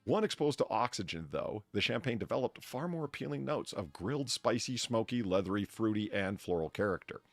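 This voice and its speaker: Lively low-voiced man chatting. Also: brisk, hardly any pauses, no echo, faint music behind. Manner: opinionated, reads news bits aloud, laughs often. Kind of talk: casual chat on a live stream.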